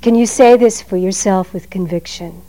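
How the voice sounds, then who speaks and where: A woman giving a Zen dharma talk in a measured, emphatic way, letting her phrases trail off softly. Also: medium pitch, poor audio.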